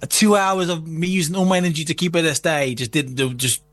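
A man's voice: fairly high pitch, steady tone, fast, fairly bright tone. A man telling a long sweary anecdote in casual conversation, laughing often. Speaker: podcast guest. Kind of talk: casual storytelling chat.

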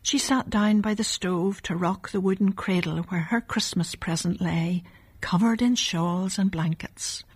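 A woman reading a story aloud, softly and often in a half whisper. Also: mid-range voice, a little slow, husky.

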